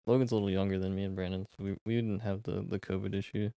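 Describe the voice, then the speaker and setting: A young man co-hosting a podcast, chatting casually and reacting quickly to his friends. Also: deep voice, flat delivery, gravelly, warm tone, no echo. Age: young adult. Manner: quick reactions, laughs along. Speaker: podcast co-host. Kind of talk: casual chat.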